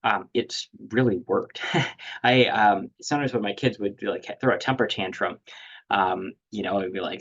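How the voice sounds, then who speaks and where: A man's voice: on the low side, normal speed, slightly rough. A man presenting a webinar lecture on negotiation, talking loosely with many fillers and restarts. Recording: dull lo-fi audio.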